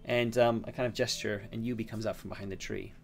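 A man's voice: fairly low pitch, fairly even intonation, fast talker, vocal fry, faint music behind. A man narrating his own solo tabletop role-playing game, thinking aloud with many fillers and restarts. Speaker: solo game master and player.

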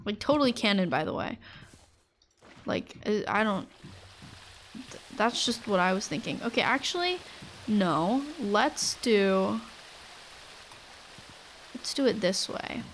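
A woman's voice: mid-range voice, very animated, slow pace, pauses often, slight background noise. A woman streamer chatting casually with her viewers while she plays, rambling and full of "like". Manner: chatty, rambling, full of "like", acts out little scenes for chat. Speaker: Twitch streamer. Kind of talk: casual live-stream chat while gaming.

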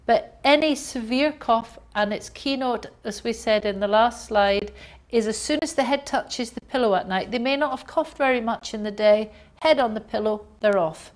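A woman's voice: a little high, moderate pace. A woman giving a lecture, explaining at length with fillers and acting out coughing fits and gasps. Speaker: homeopathy lecturer. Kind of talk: recorded lecture.

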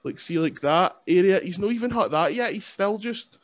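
A man's voice: sits high, animated, normal speed. A Scottish man with a slightly raised voice rambles through casual podcast talk, full of jokes at his own expense. His audio comes through dull and lo-fi, like a remote call. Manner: joking, self-mocking, rambling. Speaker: wrestler and podcast guest.

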